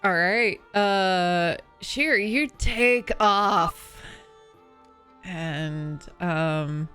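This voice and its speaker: A woman's voice: lowish voice, drawn-out words, pushed and bright, clear, resonant tone, soft background music. A woman narrating as game master of a tabletop game, hesitant and full of fillers.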